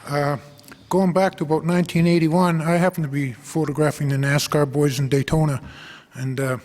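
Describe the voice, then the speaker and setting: Older man telling a halting story in a hall. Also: fairly high pitch, level tone, darkish tone, a faint crowd, a little hiss or hum. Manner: halting, chatty storytelling with quoted voices. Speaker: inductee. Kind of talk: acceptance speech. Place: banquet hall.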